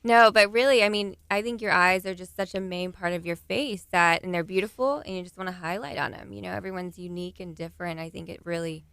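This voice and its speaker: A woman's voice: lowish voice, quick pace, vocal fry, hardly any pauses, a bit bright, clear, resonant tone, no echo. A young woman with a Texan accent, a pageant titleholder chatting as a radio guest in an upbeat, giggly way. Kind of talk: casual radio interview.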